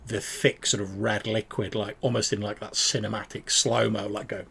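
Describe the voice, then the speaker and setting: Gravelly game master. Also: male voice, fairly low pitch, little pitch movement, normal speed, a bit bright, a little hiss or hum. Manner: rambling with many fillers. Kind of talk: narrating a tabletop game.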